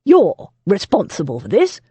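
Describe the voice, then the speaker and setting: A woman's voice: mid-range voice, wildly swooping pitch, moderate pace, warm tone, breathy edge, no room sound, heavily acted. Woman putting on a roaring old lord. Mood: outraged. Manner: roaring, bellowing. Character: blustering older nobleman, furious and domineering.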